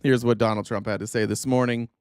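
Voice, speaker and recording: A man's voice: mid-range voice, little pitch movement, quick pace, a little mellow, clean tone, no room sound, clean studio sound. A man hosting a political commentary livestream, ranting with exasperation and profanity as he reads out quotes and mocks them.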